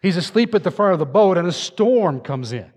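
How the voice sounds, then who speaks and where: A man's voice: sits high, big pitch swings, fairly quick, a little mellow, slightly rough. A man preaching a sermon from a church stage, telling a story with dramatic flair. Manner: dramatic storytelling, acting out voices. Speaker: pastor. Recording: long hall reverb.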